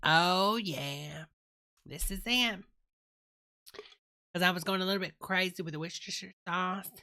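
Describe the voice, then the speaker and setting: Bright-voiced woman rambling on a comic livestream. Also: fairly low pitch, a little slow. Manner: chatty, drawling, calls viewers honey and y'all. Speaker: comic livestream host in character. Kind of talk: rambling comedic live stream chat.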